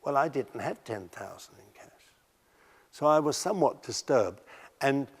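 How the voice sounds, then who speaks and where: An older man telling stories from his life in a documentary interview, halting and often restarting his sentences. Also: medium pitch, animated, creaky, breathy edge, in a large hall. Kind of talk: recounting memories in a documentary interview.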